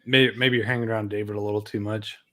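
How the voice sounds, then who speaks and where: A man's voice: on the low side, little pitch movement, quick pace, fairly bright tone. Man, co-host, casual chat, teasing jokes. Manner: joking, teasing.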